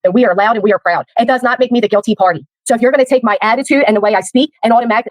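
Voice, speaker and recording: Angry philly woman ranting on stream, loud and abrasive, a bit high. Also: very fast, hardly any pauses, dry recording. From Philadelphia, USA. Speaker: livestreamer. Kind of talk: angry livestream rant.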